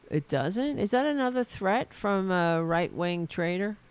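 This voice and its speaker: A man's voice: sits high, big pitch swings, fairly bright tone, smooth. A man hosting a solo political commentary show, ranting with sarcasm and profanity, often stopping and restarting his sentences. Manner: halting, with many restarts and fillers. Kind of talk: angry solo political rant.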